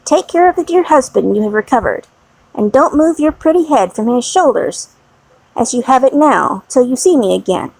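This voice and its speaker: A woman voicing a fussy, fiercely loyal older English maid in an audiobook reading, brisk and emphatic. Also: high-pitched, lively intonation, vocal fry, a little mellow, slightly rough, no room sound, exaggerated voice, poor audio. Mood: indignant.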